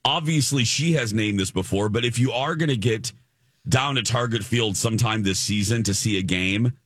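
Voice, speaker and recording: This is a chatty, enthusiastic radio co-host from the Chicago area, with a fairly low voice. He often backs up and restarts his sentences, and the sound is dry and close. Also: moderate pace, a bit bright, breathy edge, no room sound. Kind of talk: casual chat.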